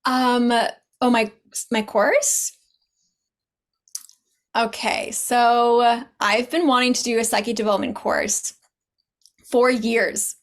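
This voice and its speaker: An earnest woman spiritual teacher, guesting on a podcast. Her voice is a little higher than most, and she talks in quick bursts. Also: flat delivery. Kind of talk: casual chat.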